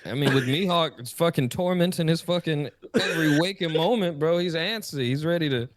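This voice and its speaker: A man's voice: a little high, fairly quick. A man in casual chat as a co-host, incredulous and exasperated, drawing out his reactions. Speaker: podcast co-host.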